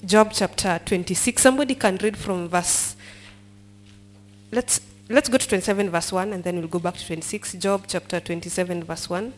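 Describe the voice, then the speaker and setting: A woman's voice: fairly low pitch, normal speed, slight background noise. A woman leading a Bible study, reading verses aloud and quizzing the group as she explains them. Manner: mixes English and Swahili, asks the group questions and prompts them to finish lines.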